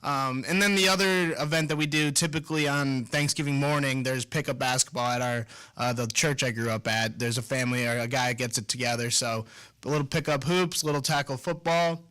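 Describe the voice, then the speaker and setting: A man's voice: mid-range voice, steady tone, fairly quick, pushed and bright. A man in his twenties co-hosting a casual sports talk show, laid-back and rambling with lots of fillers. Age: 20s.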